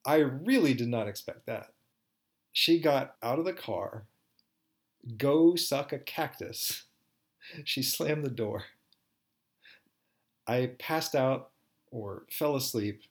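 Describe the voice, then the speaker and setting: A man's voice: medium pitch, lively intonation, slow pace, pauses often. A man telling a first-person story aloud in a wry, candid, conversational way.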